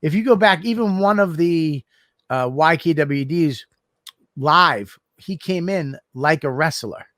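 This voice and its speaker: A man co-hosting a podcast in casual chat, excitable and self-mocking, swearing often. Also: a little high, a little slow, no echo, clean studio sound. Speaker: podcast co-host.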